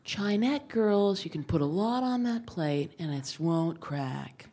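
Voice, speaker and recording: A woman whispering as a gentle kindly doctor. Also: extremely high pitch, steady tone, takes it slowly, vocal fry, pitched above the performer's own voice, heavily acted. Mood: soothing. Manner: hushed, half-whispered soothing advice. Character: gentle comforting female doctor, calm and kindly.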